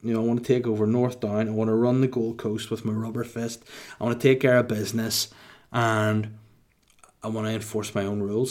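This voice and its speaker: A man in his thirties with a Northern Irish accent, answering listener questions in casual chat with mock-boastful, deadpan jokes. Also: fairly low pitch, normal speed.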